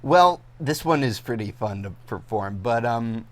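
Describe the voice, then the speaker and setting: A young adult man, a voice actor, chatting casually as an interview guest, rambling and animated. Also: mid-range voice, unhurried.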